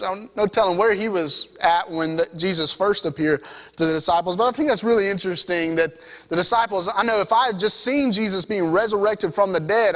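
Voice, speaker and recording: In a church sanctuary with big-room sound, a young man with a high, fairly bright voice and a Southern US accent preaches an evening sermon. He reads scripture and keeps things conversational, repeatedly asking the congregation "right?"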